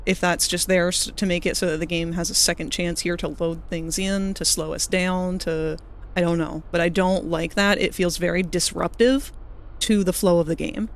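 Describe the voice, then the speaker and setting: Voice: medium pitch, steady tone, normal speed, a little hiss or hum. A streamer giving casual live commentary while playing, swearing now and then and picking apart game bugs in technical terms.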